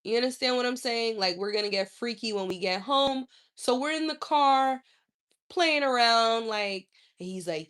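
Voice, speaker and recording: A woman's voice: a little high, normal speed, fairly bright tone. A woman hosting a casual live stream, answering viewer comments in a blunt, profane, scolding way.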